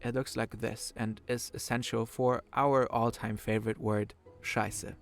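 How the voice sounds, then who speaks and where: A man from Germany with a German accent, narrating a scripted explainer in a clear, measured way. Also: medium pitch, little pitch movement, soft background music.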